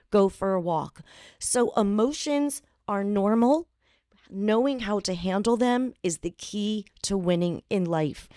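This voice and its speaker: An earnest woman hosts her podcast with a motivational monologue, speaking straight to her listeners and repeating phrases for emphasis. Her voice is smooth and clear at an ordinary middle pitch. The recording is dry, with almost no room sound. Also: dark tone, dry recording. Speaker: podcast host.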